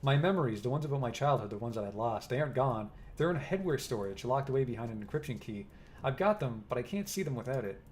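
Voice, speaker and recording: A man's voice: medium pitch, animated, fast talker, darkish tone, a little hiss or hum, lightly acted. A man reading as a brash young hacker woman. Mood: earnest. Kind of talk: reading game dialogue aloud.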